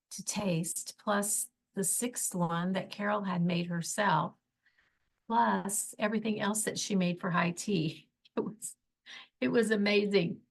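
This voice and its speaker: A woman hosting her own podcast, telling travel stories in a chatty, enthusiastic way with gushing asides. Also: mid-range voice. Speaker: podcast host. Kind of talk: casual solo podcast storytelling.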